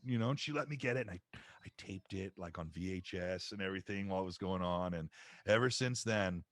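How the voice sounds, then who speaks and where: Man telling animated stories, dry sound. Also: deep voice, brisk, no room sound. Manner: animated storyteller acting out quotes. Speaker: voice actor guest. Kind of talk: casual storytelling chat. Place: home, livestream call.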